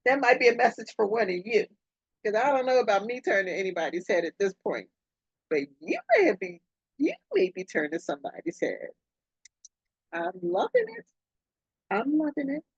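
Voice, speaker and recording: Brief: effusive woman host reading oracle cards, husky and breathy, on a dull, dry home recording. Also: fairly quick, no room sound. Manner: effusive, excitable, swoops up and down in pitch. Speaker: podcast host, oracle card reader. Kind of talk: casual spiritual card reading.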